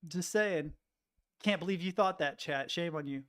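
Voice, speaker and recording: A man's voice: fairly high pitch, normal speed, a bit bright. A man chatting casually with his live-stream chat, joking, laughing often and rambling through self-interruptions. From United States.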